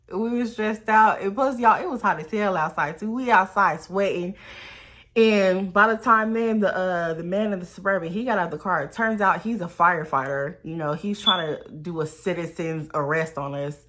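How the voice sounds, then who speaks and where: A woman telling a storytime to her viewers in a casual, animated way, swearing and calling them y'all. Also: medium pitch. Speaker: storytime vlogger.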